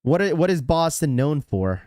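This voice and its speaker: A man's voice: fairly high pitch, sing-song, normal speed, a little mellow, no echo, clean studio sound. A young man hosting a casual livestream, reading out chat messages and rambling with lots of fillers and repeats. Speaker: livestream host.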